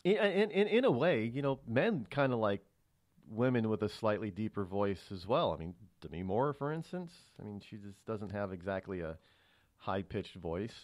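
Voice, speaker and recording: A man's voice: lowish voice, lively intonation, moderate pace, dry recording, studio quality. A male radio talk show host talking alone on air, rambling with many fillers and restarts. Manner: grows heated and emphatic on politics. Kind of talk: solo talk radio commentary.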